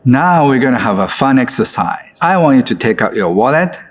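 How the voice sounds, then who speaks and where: A man who leads a guided exercise in an online course, speaking gently and coaxingly with frequent filler words. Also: mid-range voice, very animated, fairly quick. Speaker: course instructor.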